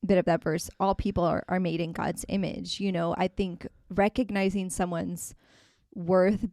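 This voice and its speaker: A woman's voice: fairly low pitch, flat delivery, moderate pace, mellow, no echo. A woman co-hosting a faith podcast, talking casually and earnestly with many fillers and restarts. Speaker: podcast co-host.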